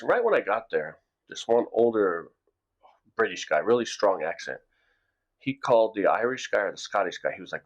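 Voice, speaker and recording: A man's voice: fairly low pitch, very animated, brisk. A middle-aged man from the United States, telling a rambling story to camera in a casual vlog, often repeating words as he goes. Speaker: vlogger. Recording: dull lo-fi recording.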